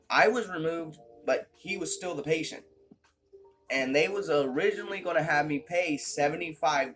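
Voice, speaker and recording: A man's voice: medium pitch, fairly bright tone. A young man telling a long, frustrated story to camera in a casual vlog, swearing constantly and restarting his sentences as he rambles. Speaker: vlogger. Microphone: phone or webcam at close range.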